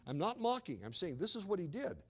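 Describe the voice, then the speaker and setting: A male pastor delivers a sermon as a dramatic story and speaks directly to his congregation now and then. His voice sits high, and his pitch swings with lively emphasis. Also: quick pace, slightly rough.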